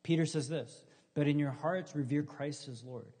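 A middle-aged male pastor gives a sermon with a husky, slightly breathy voice, easy and conversational, throwing in humorous stories. His voice rings out with a long reverb from a large hall. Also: a little high, moderate pace, warm tone. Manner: conversational, humorous storytelling with acted quotes.

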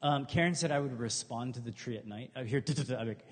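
A middle-aged male pastor gives a sermon with a husky, slightly breathy voice, easy and conversational, throwing in humorous stories. His voice rings out with a long reverb from a large hall. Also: medium pitch, animated, normal speed. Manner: conversational, humorous storytelling with acted quotes.

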